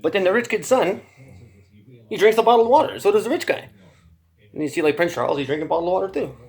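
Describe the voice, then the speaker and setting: Brief: male podcast guest, high and very animated voice, profane rambling rant. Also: fast. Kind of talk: rambling casual storytelling.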